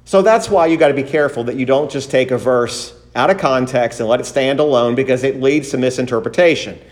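A man preaching a sermon and reading scripture, slow and deliberate, stressing single words and asking rhetorical questions. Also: medium pitch.

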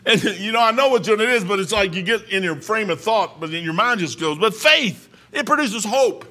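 High, bright-voiced folksy male preacher. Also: expressive, fairly quick. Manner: folksy, storytelling, swings from quiet asides to loud exhortation. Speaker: pastor. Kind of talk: sermon.

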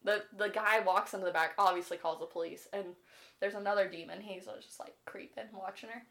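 A woman co-hosting a podcast, casually retelling book plots in an animated, chatty way, full of "like" and casual swearing. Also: mid-range voice, a little fast. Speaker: podcast co-host. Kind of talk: casual chat about books.

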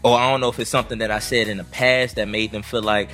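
A man's voice: lowish voice, flat delivery, fast, bright, forceful tone, faint music behind. A man in casual chat as a podcast co-host, laid-back and full of fillers, mimicking others as he tells a story.

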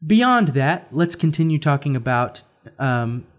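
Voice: medium pitch, big pitch swings, unhurried. Rambling podcast co-host, casual chat. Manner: rambling, searches for words.

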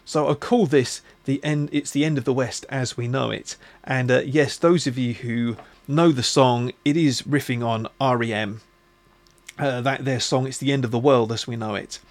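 A man hosting a podcast, talking in a musing, halting way with many restarts. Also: medium pitch, fairly even intonation. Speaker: podcast host. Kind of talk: casual reflective monologue.

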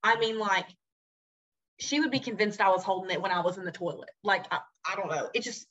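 Husky, bubbly woman telling stories. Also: mid-range voice, fairly quick. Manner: animated, laughing storyteller. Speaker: podcast guest, worship leader. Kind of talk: casual chat. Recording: dull lo-fi recording.

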